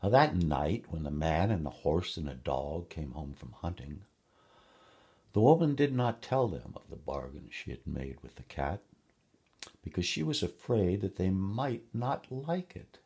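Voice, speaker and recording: A man reading a children's story aloud in a rhythmic, lively way. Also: slightly rough. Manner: slow, rhythmic, lively pitch. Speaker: narrator.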